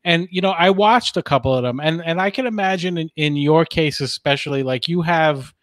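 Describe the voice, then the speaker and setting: A man's voice: a little high, brisk, fairly bright tone, no echo. A man hosting a podcast, chatting casually with his guest and thanking him. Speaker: podcast host. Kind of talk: casual interview chat.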